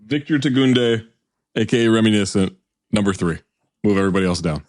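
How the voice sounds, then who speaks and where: A man's voice: fairly low pitch, brisk, a little mellow. A man co-hosting a podcast in casual chat, blunt and given to crude jokes. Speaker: podcast co-host.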